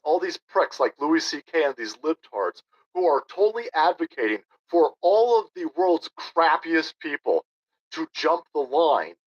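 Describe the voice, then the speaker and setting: A man in his thirties hosting a livestream, ranting sarcastically and combatively and reading viewer chat aloud. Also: on the high side. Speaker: political livestream host. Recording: dull lo-fi stream audio.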